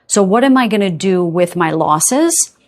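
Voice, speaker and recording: A woman talks through a tarot reading in a loose, chatty way. Her voice sits a little low. She rambles, trails into playful filler sounds and keeps checking in with her listeners. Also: animated, unhurried. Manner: chatty, peppers talk with "okay?" and "right?". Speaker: tarot card reader. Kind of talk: casual pick-a-card tarot reading.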